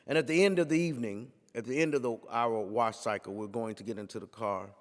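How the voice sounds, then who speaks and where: A man, a pastor, giving a talk full of storytelling in a preaching cadence, repeating phrases and building to forceful peaks. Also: mid-range voice, fast talker, big-room sound.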